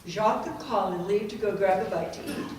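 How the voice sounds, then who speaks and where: A woman's voice: medium pitch, brisk, darkish tone, far from the mic. Woman narrator reading stage directions plainly, faint hiss in an echoey room.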